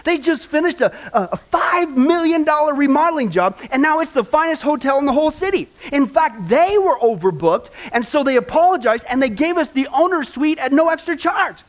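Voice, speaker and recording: A man preacher putting on the voice of an excited female tourist who gushes about her trip. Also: very high voice, fairly quick, full character voice. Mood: gushing.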